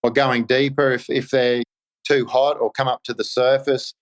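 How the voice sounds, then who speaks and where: An easygoing Australian man chats as a podcast guest, calling everyone "mate" and restarting his phrases as he goes. His voice is smooth and resonant. It sits at an ordinary pitch for a man. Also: flat delivery, poor audio. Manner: easygoing, says "mate" constantly, halting restarts. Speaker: podcast guest, kayak angler. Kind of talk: casual podcast chat.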